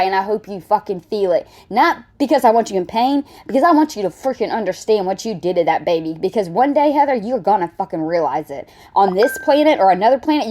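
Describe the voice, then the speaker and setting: A woman rants in a heated, profane reaction commentary. Her pitch leaps up and down as she vents, sitting a little above the usual range for a woman. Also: warm tone. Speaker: reaction vlogger.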